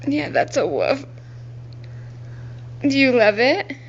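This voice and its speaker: A young woman filming at home indoors, gently coaxing a toddler and laughing often. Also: high-pitched, big pitch swings, slow pace, muffled recording, slight background noise. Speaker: parent filming her child. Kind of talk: casual home video.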